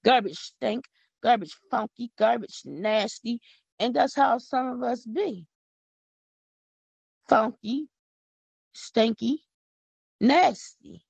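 A woman with a gravelly, husky voice preaches to her listeners in a folksy, fervent way, speaking. She repeats words for emphasis. Her voice sits a little high and is recorded dry and close. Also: unhurried, no room sound. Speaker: podcast host. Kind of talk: preaching devotional talk. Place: home.

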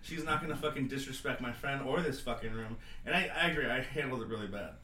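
A man who is a stand-up comic, chatting casually on a podcast, swearing freely and telling animated stories. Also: mid-range voice, fast talker, roomy sound, a little hiss or hum. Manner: profane, animated storytelling, laughs often.

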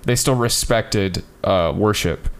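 A man bantering and joking on a podcast, laughing often and reacting with quick asides. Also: fairly low pitch, smooth. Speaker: podcast co-host. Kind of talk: casual banter.

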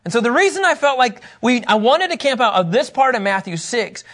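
A man with a notably high voice preaches a sermon. He teaches with emphatic, animated delivery and acts out the quotes he reads. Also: fairly quick. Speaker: pastor.

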